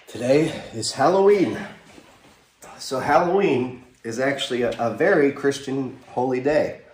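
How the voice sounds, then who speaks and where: In a small chapel, a male pastor preaches a live sermon in a conversational way, putting questions to the congregation. His voice is mid-range with a darkish tone. The recording is echoey and captured from a distance.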